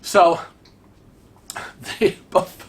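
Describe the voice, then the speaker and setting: A man host casually telling a story on his vlog, chatty and animated, acting out what others said. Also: extremely slow. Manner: chatty, animated, acts out quoted dialogue.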